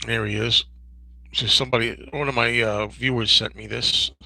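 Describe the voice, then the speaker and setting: A man in his fifties hosting a casual livestream Q&A, rambling and digressive with many restarts and a gravelly, husky voice. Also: mid-range voice, steady tone, moderate pace, pushed and bright, no echo, low-quality recording. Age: 50s. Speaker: host.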